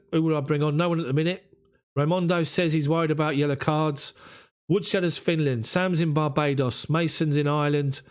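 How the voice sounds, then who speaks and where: A man with a London accent hosting a live football watch-along, chatting and thanking viewers by name as he reads their comments. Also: a little high. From England. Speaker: football fan channel host.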